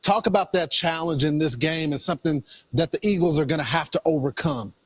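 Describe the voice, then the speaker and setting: A man's voice: a little high, a little fast, slightly rough, dry recording. A man interviewing a broadcaster in a played clip, asking about an upcoming game. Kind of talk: sports interview questions.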